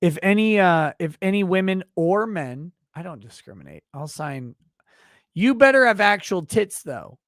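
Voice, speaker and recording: A man's voice: sits high, sing-song, moderate pace, a bit bright, no room sound, studio quality. Brash, profane man hosting a livestream. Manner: brash, profane, mock-indignant ranting. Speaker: livestream host reading super chats. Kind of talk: crude comedic livestream banter.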